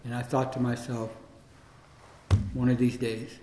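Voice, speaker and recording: A man's voice: medium pitch, little pitch movement, unhurried, warm tone. A man telling a long personal story aloud in a loose, rambling, conversational way, full of fillers like "you know" and "man.". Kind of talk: live personal storytelling monologue. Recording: echoey hall with faint noise.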